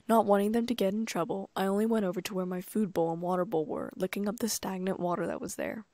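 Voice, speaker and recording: A woman narrating a first-person audiobook in a calm, even storytelling manner. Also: medium pitch, fast talker, dry recording.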